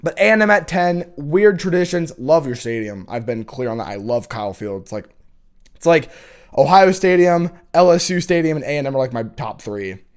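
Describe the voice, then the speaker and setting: A man's voice: a little high, animated, normal speed, clean tone. A young man hosting a college football show, talking in a casual, opinionated, rambling rant with many restarts.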